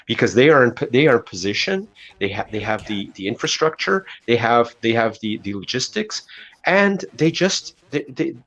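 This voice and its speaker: A man co-hosting a casual podcast chat who talks haltingly, often restarting his phrases. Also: mid-range voice, very animated, fairly bright tone. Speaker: podcast co-host. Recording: dull lo-fi sound.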